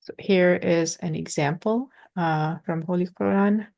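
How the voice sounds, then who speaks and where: A woman teaching pronunciation in an informal lesson, patiently explaining with halting pauses and sounding out letters. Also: on the low side, creaky, lo-fi sound.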